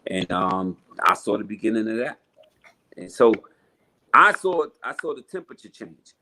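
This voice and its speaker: A man, telling stories in a casual interview, blunt and animated. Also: on the low side, moderate pace. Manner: blunt, profane, animated storyteller. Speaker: rapper guest.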